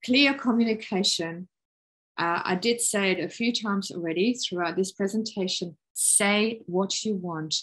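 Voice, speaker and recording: A woman's voice: mid-range voice, a little slow, slightly rough, low-quality recording. Encouraging woman presenting a parenting webinar. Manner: calm, encouraging, explains with examples. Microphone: video call.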